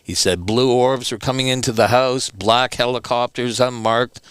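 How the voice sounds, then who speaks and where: Bright, clear-voiced man telling stories. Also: mid-range voice, steady tone, normal speed, dry recording. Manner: emphatic, repeats for stress. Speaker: returning guest. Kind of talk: animated storytelling.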